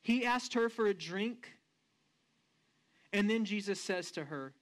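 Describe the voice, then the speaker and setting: A male pastor delivers a sermon in an animated storytelling manner and keeps asking his listeners questions. He stretches some phrases slowly and rushes others to stress a point. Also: high-pitched. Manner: slows down and speeds up for emphasis.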